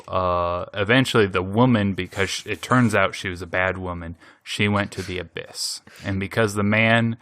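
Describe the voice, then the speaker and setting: A man hosting a podcast, casually recapping an anime episode in an animated way, laughing often and using many fillers. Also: low-pitched, no echo. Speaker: podcast host.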